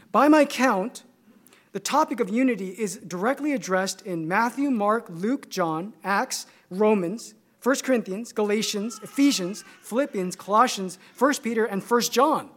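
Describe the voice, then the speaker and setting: A man with a Californian accent preaches a sermon, measured and emphatic, building his points through repeated phrases. His voice sits high.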